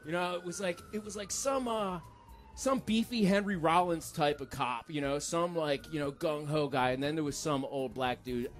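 Radio co-host, man, casual storyteller, animated, acts out other voices, faint music bed. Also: a little high, normal speed.

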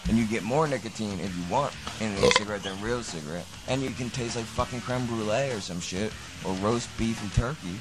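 A man in casual chat, talking excitedly and with lots of swearing. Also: fairly low pitch, fairly quick, hardly any pauses, very noisy. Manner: excited and profane, hyping things up.

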